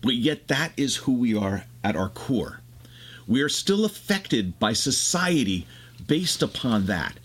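Male host, mid-pitched, expansive explainer, casual chat. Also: very animated, husky. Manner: expansive, explanatory, fast bursts. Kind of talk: casual conversation, explaining ideas.

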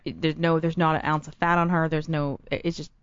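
A young adult woman comedian telling stories in an animated, lively way during casual conversation. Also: sits low, a little fast, clean tone. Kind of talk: casual chat. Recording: dull lo-fi dry recording.

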